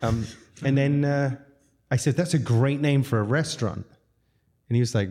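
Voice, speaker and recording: A restaurant owner, appearing as a guest, tells rambling stories in a laid-back, laughter-filled chat. His voice is warm and mid-range, moving at a normal speed, and his English carries a non-American accent.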